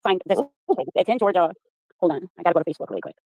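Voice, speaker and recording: A woman's voice: fairly low pitch, lively intonation, very fast, warm tone, no room sound. A middle-aged woman in casual chat, talking in a chatty, candid, emphatic way. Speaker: chat participant.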